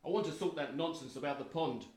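A British actor in a sitcom plays a pompous, bullying rich man who scornfully sneers at his brother while negotiating a property deal. His natural-sounding voice is fairly high-pitched and darkish in tone, delivered quickly with contempt.

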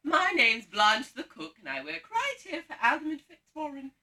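A loud, vain comic cook, as a woman acts her out on a pantomime stage, rallying the crowd to shout back. Her voice swings widely in pitch and sounds bright and sharp. It is picked up from well away from the mic. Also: sing-song, moderate pace, recorded from a distance, exaggerated voice. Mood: brassy. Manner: loud, brassy, leads audience call-and-response.

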